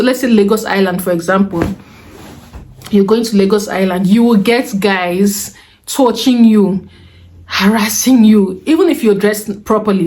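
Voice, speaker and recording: A young woman with a Nigerian accent giving advice in a casual vlog from a room at home, animated and chatty with Pidgin asides. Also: medium pitch. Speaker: vlogger. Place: room at home with the windows closed.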